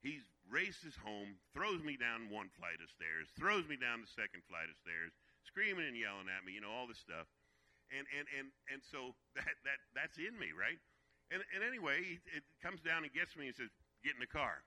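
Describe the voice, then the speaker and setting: A man's voice: mid-range voice, big pitch swings, moderate pace, sharp tone, no echo, rough recording. A man speaking as guest speaker at a faith weekend, telling a personal story with emotion and often repeating words as he goes. He sounds tearful at times. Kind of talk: conference teaching talk.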